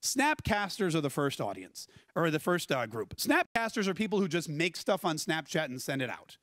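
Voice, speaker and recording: High-voiced animated male keynote speaker. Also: normal speed, no echo. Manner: animated, conversational storytelling with audience questions. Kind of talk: conference keynote talk. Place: conference stage.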